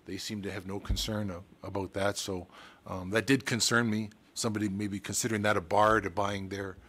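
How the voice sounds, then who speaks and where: Hesitant man, fairly low. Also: flat delivery, fairly quick, fairly bright tone, slightly rough. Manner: hesitant, many restarts and fillers. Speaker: town staff member. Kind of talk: council meeting presentation. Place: council chamber.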